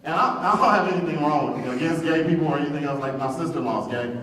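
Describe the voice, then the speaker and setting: Heard distantly in an echoey club with a crowd, a man from Detroit works a stand-up set, crude and brash, goading the audience. He talks quickly in a high-leaning, slightly bright voice.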